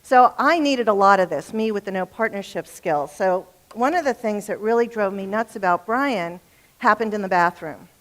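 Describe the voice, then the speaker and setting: A woman's voice: mid-range voice, animated, moderate pace, fairly bright tone. A middle-aged woman giving a talk on relationships to a live audience. She is chatty and humorous and often turns to the room with questions. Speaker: relationship speaker.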